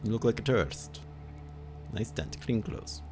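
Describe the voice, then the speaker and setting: A man's voice: lowish voice, lively intonation, measured pace, music in the background, pitched above the performer's own voice. A man voicing a burly Russian-accented thug who is menacing with false friendliness. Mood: mocking. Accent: Russian, put on.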